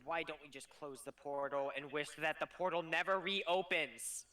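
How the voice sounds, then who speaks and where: A man's voice: a little high, fairly even intonation, moderate pace, bright, forceful tone. A man playing a tabletop game, insistently pressing his group to follow his plan. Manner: insistent and persuasive. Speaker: player. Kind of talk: casual tabletop play.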